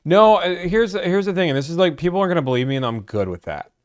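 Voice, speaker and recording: A man's voice: high-pitched, animated, quick pace, no room sound, studio quality. A young man from Georgia chatting casually on a live stream about buying cars, rambling and filling his talk with "like.". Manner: rambling, full of "like" fillers.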